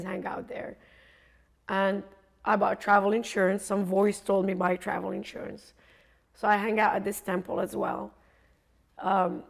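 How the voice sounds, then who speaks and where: A middle-aged woman from Africa, a coach and speaker, telling a lively travel story and acting out the voices of people she met. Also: mid-range voice, creaky. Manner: animated storyteller, acts out quoted voices, laughs often. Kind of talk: storytelling talk.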